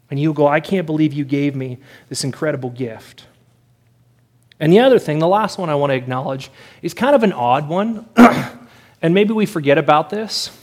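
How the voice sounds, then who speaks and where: A man preaching a sermon to a congregation, earnest and building his points through repeated phrases. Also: on the high side. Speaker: pastor.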